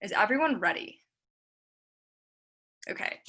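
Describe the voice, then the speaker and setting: A young woman teaching debate online, briskly reading out a practice speech in a drill-like list and then checking in with her students. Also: a little high, expressive, pushed and bright. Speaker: debate camp instructor.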